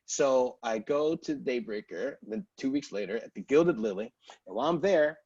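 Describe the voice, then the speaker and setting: A man's voice: medium pitch, very animated, moderate pace, gravelly, a little mellow, slightly rough, no echo, highs cut off. Chatty Texas-born man telling a story. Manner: chatty, filler-heavy with "like" and "you know". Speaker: podcast guest. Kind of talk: casual storytelling in an interview.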